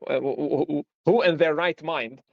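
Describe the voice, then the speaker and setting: High-voiced man lecturing through examples. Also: measured pace, gravelly, dry recording, dull audio. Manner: explains with rhetorical questions and examples. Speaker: philosophy lecturer. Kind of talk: live-streamed lecture discussion.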